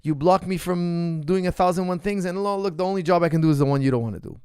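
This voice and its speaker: A man's voice: high voice, fast talker, a little mellow, smooth, dry recording, clean studio sound. A man, a martial arts coach, answering viewer questions in an impassioned, indignant monologue, repeating phrases for emphasis.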